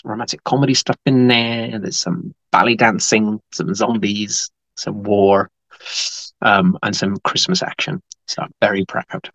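A man chats casually as podcast co-host, ribbing his partner with a teasing edge. His voice carries a gravelly rasp. The sound is dry and slightly lo-fi. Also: fairly low pitch, no room sound. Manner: playful, teasing. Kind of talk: casual chat.

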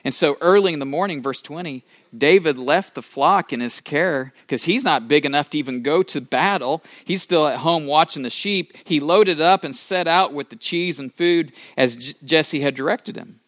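A pastor delivers a sermon, telling a story with playful, acted-out asides and moving between loud and soft passages. His voice sits on the high side at a moderate pace, with no audible room sound.

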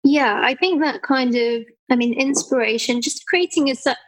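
A woman, an artist chatting on a podcast and telling animated stories about her public artworks. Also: sits high, normal speed, poor audio. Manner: animated storyteller, acts out people's voices. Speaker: artist guest. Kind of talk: casual podcast conversation.

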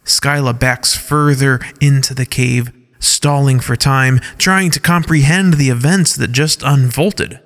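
Male narrator for a scripted audio story, mid pitch, unhurried, long reverb. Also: fairly even intonation, fairly bright tone. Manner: measured, reads stage directions aloud.

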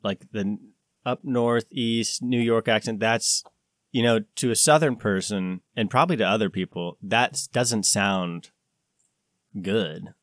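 Male co-host, casual rambling talker, lowish voice, dry sound. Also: a little slow, a bit bright, dry recording. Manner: rambling, frequent fillers and restarts. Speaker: podcast co-host. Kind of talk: casual chat.

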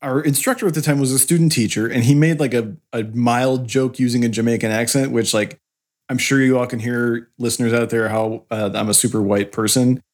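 A man's voice: medium pitch, fairly even intonation, brisk. A man from Iowa co-hosting a podcast, telling a rambling story with laughs and apologies. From Iowa, USA. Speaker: podcast co-host. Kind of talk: casual chat.

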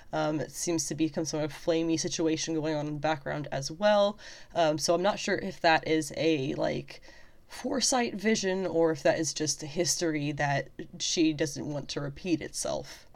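A woman with a deep, low voice talks through her thoughts in a casual fan commentary. She is eager and enthusiastic, often trailing off with ums and restarting her sentences. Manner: chatty, lots of fillers and self-corrections; excited and enthusiastic. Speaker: fantasy fan video host.

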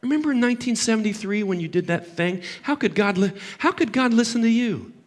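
A man's voice: sits high, expressive, a little fast, pitched above the performer's own voice. A man voicing the sneering, accusing voice of a male serpent that mocks and needles with questions. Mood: taunting.

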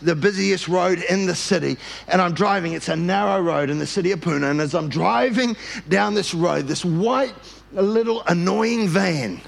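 A man's voice: high voice, creaky, fairly bright tone, husky. A male pastor preaching a sermon at a church service, telling stories with animation and leading the congregation in call-and-response.

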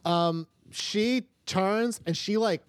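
A woman's voice: medium pitch, slow, smooth, no room sound. Rambling woman game master. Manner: rambling, many fillers. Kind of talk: narrating a tabletop game.

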